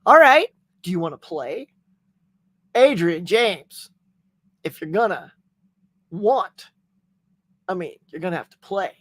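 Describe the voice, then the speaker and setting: A middle-aged man hosting a casual livestream chat, telling animated stories and reading out viewer comments. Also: high-pitched, takes it slowly, long pauses, dry recording. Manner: animated storytelling, acting out quotes. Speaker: livestream host.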